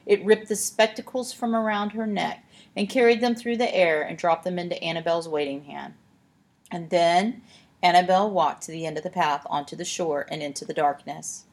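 A woman narrating a storybook aloud in a steady, expressive way. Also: lowish voice. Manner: steady, expressive, slows for tense moments.

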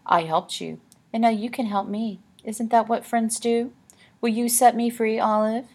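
A woman puts on a genteel ghostly lady from a painting, prim and softly spoken with an old-fashioned politeness. Her voice sits a little raised and slightly husky, with a sly, coaxing edge. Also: a little high, steady tone, a little slow, pitched above the performer's own voice.

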